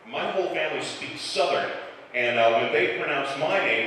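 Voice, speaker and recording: A stand-up comedian in his forties from the Chicago area with a slightly softened Chicago accent, telling self-deprecating stories in a dry way with filler pauses. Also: on the high side, lively intonation, distant mic, slight background noise. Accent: Chicago, mostly softened. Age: 40s. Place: live comedy club stage. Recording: echoey club hall, mic heard from afar.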